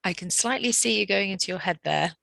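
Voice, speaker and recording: A woman's voice: medium pitch, fast, gravelly, bright, forceful tone, no room sound, poor audio. A woman working as a life coach, who asks probing questions and answers with short, encouraging affirmations. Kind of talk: coaching conversation.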